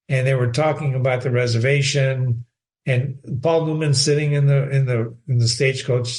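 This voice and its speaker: An older man hosting a reading show, giving an informal, rambling lecture on literature and addressing himself by name as he goes. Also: medium pitch. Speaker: host.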